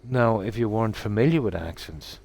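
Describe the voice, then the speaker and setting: A middle-aged man from Ireland with a Midlands accent, a game streamer chatting casually and ramblingly with his viewers in a relaxed, self-deprecating way. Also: fairly low pitch, brisk, creaky. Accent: Irish Midlands.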